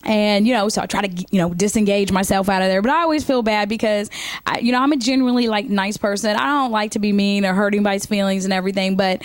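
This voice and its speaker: A woman in her thirties telling comic stories to camera in a chatty, animated way with lots of fillers. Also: medium pitch, quick pace, no room sound. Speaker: comedian. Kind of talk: stand-up comedy monologue to camera.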